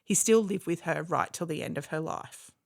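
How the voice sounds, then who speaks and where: A woman's voice: low voice, moderate pace, vocal fry. A woman, the host, reading a reflective, earnest narration. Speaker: podcast host. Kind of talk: scripted narration.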